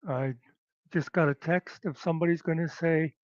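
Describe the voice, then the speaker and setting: A man hosting his own show, talking in a sardonic, rambling way with trailing pauses. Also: fairly high pitch, fairly even intonation, dry recording. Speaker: host. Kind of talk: rambling solo commentary. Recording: dull lo-fi dry recording.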